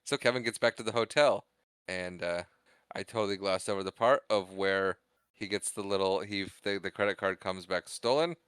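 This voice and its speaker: A young man on a podcast co-hosting gig animatedly retells a film scene in casual talk, acting out quotes and laughing a lot. His low voice is clear and resonant at a moderate pace, recorded with no room sound.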